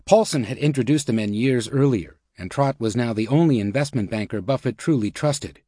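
A male audiobook narrator reading nonfiction in a measured, even voice. His pitch is ordinary for a man, and the recording is close and dry, with no room sound. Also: no room sound.

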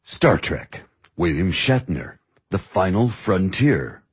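A man voicing a patient, teasing music teacher in measured audiobook dialogue. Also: sits low, big pitch swings, husky, heavily acted. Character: calm, wry male music teacher. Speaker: music mentor.

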